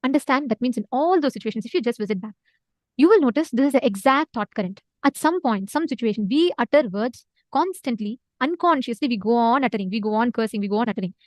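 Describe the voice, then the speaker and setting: A woman with an Indian English accent leads a live online spiritual session. She talks quickly and earnestly in a high voice, pressing listeners to answer in the chat. Her voice sounds dry and close. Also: animated, no echo. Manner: earnest, urging the audience to respond.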